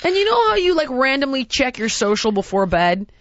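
Animated woman telling an exasperated story. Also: sits high, brisk, muffled recording. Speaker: podcast host. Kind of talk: casual storytelling chat.

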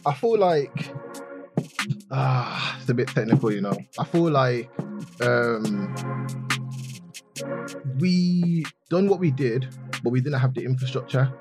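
Thoughtful Brummie musician guest. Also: male voice, mid-range voice, lively intonation, slow pace, pauses often, over music. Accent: Birmingham. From Birmingham, England. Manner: thoughtful, hesitant, weighs his words. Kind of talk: casual group chat.

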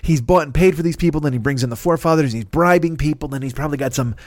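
A man's voice: on the high side, racing, darkish tone, no echo, clean studio sound. A man in his fifties, a podcast host, delivering a profane, rambling comedic rant that keeps interrupting itself. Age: 50s.

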